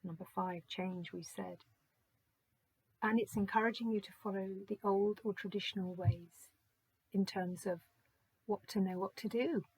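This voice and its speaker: A woman giving a gentle, musing oracle card reading, slowly reading out card texts and reflecting on them. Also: medium pitch, fairly even intonation, breathy edge, no room sound, poor audio.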